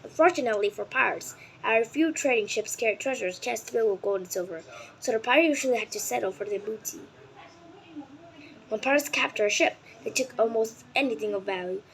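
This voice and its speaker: Her pitch fairly high, a native Vietnamese speaker carefully works through an English children's nonfiction book out loud, sometimes faltering and then self-correcting. The audio is poor.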